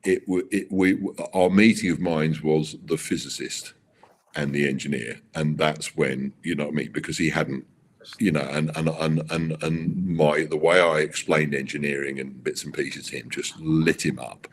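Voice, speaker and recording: A middle-aged man, a racing car designer, telling stories in an interview with halting restarts and acted-out quotes. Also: extremely low pitch, fairly even intonation, slight background noise. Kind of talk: animated storytelling interview.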